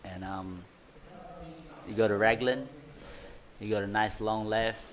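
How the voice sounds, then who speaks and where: A man commentating live on a surf contest, excitable, in loose, broken phrasing. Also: on the low side, unhurried, a crowd in the background.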